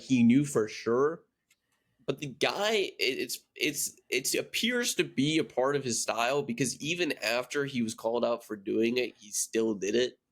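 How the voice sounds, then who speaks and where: A man from the United States chatting on a podcast at an everyday pitch. He rambles through his story with plenty of likes and restarts, in a relaxed and casual way. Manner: rambling storyteller, lots of fillers. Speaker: podcast co-host.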